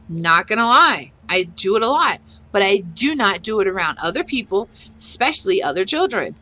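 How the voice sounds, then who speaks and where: A middle-aged woman vents her exasperation in a blunt, casual rant while she plays a game for her vlog. Her voice is bright and forceful, and she talks with a sharp edge. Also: mid-range voice, big pitch swings, moderate pace, low-quality recording. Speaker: gaming vlogger.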